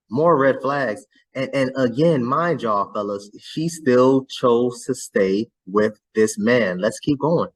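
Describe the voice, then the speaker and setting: A man's voice: medium pitch, takes it slowly, few pauses, rough recording. A man hosting a reaction video, chatting casually and often repeating words as he stumbles through his thoughts.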